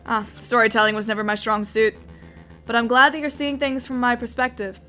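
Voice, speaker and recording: A woman voicing a scheming male fox con man posing as a prince, smooth and theatrical. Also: on the high side, flat delivery, fairly quick, pushed and bright, soft background music. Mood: storytelling. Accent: put-on Spanish accent.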